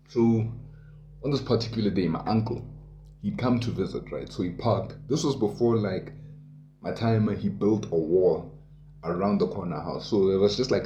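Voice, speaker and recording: A man's voice: low voice, roomy sound, muffled recording, slight background noise. South African man telling a story. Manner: animated anecdote with township slang and voiced asides. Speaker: podcast host. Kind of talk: casual storytelling.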